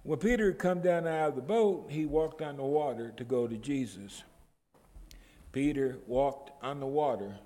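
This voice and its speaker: A man's voice: mid-range voice, dark tone. A man preaching a sermon, retelling the story and building to emphatic outbursts. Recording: long reverb of a large hall.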